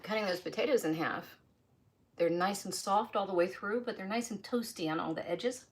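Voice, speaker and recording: A woman speaking at a medium pitch and normal speed runs a live cooking stream at home, chatting casually in a folksy manner as she tastes her food. There is slight background noise.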